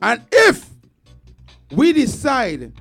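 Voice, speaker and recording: A man's voice: very high voice, huge pitch swings, vocal fry, fairly bright tone, breathy edge, soft background music. A man with a Trinidadian accent hosting a casual discussion, speaking earnestly and laying out points one by one. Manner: earnest, measured, lists points deliberately.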